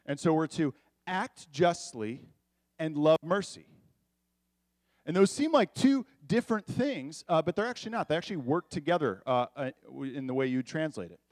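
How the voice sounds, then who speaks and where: A man delivers a sermon as a pastor, talking to his congregation in a conversational, animated way with quick asides. His voice sits fairly high for a man. The sound is dry, with little room echo.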